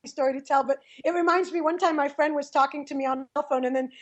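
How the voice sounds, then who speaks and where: A woman co-hosting a talk radio show, sharing quick anecdotes with a laugh. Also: high-pitched, steady tone, dull audio. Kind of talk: casual radio chat.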